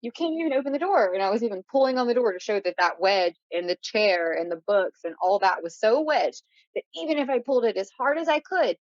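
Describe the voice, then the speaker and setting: A woman's voice: mid-range voice, no echo. A woman in her late thirties, a guest vividly retelling a story with lots of fillers. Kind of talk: casual interview storytelling. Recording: dull lo-fi sound.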